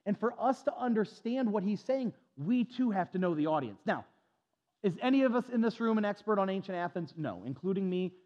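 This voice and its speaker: A man preaching a sermon to a congregation in a church, lively and animated, sometimes mocking the voices of critics. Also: sits high, fairly quick, muffled recording. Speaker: pastor.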